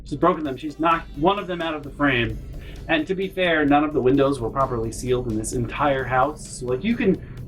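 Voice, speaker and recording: A young man with a fairly high voice, ranting through a family story. He rambles off topic, swears freely and breaks into loud shouts when he gets exasperated. Faint music sits under his voice. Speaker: vlogger. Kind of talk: casual storytime rant.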